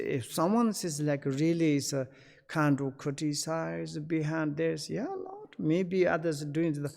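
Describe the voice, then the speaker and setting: Halting, higher-voiced male dharma teacher. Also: a little mellow. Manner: halting English, many fillers, acts out quoted dialogue. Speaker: Buddhist teacher.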